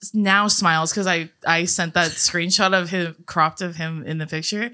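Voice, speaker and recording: A woman's voice: on the low side, fairly even intonation, normal speed, bright, forceful tone. A woman co-hosting a podcast in casual chat, telling family anecdotes and laughing often. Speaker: podcast co-host.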